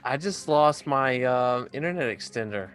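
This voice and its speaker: A man's voice: mid-range voice, animated, moderate pace. A man chatting casually as a player in a tabletop game over an online voice call, joking and swearing freely. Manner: profane, joking.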